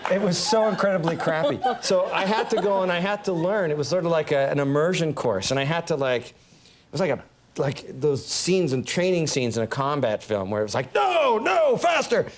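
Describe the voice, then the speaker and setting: A man's voice: fairly high pitch, brisk. A man telling a long funny story as a talk show guest, laughing often and acting out the voices of other people. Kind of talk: animated anecdote telling.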